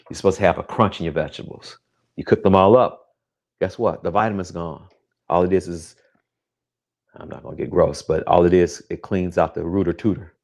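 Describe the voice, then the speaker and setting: A home cook streaming to viewers chats casually and jokes with them by name while cooking in his home kitchen, a pan sizzling in the background. His voice is low with a darkish tone, and the recording quality is low.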